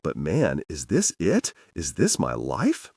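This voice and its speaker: A man's voice: very deep voice, wildly swooping pitch, slow, vocal fry, darkish tone, breathy edge, dry recording, studio quality, heavily acted. A man voicing a self-pitying, washed-up middle-aged male rock star in an audiobook, drawling and mopey. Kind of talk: audiobook character voice.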